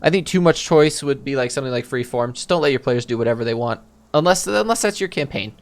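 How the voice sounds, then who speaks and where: A man's voice: mid-range voice, lively intonation, fast. A man answering viewer questions as a game master in casual chat. He thinks aloud, restarts his sentences, and explains with examples from his own campaign.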